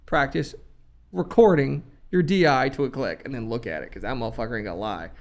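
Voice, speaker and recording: A man's voice: medium pitch, fairly quick. A man who works as a recording engineer and producer, talking bluntly and emphatically in a casual podcast chat, swearing heavily.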